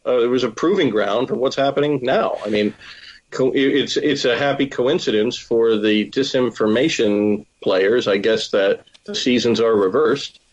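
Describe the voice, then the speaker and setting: A man's voice: medium pitch, normal speed, lo-fi sound. A man co-hosting a talk show over a remote call, thinking aloud with some restarts. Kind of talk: casual news discussion over a call.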